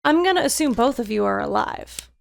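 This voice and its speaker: A woman's voice: a little high, lively intonation, a little fast, gravelly. A woman streaming a video game, casually musing aloud to herself and laughing at her own guesses. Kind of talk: casual gameplay commentary.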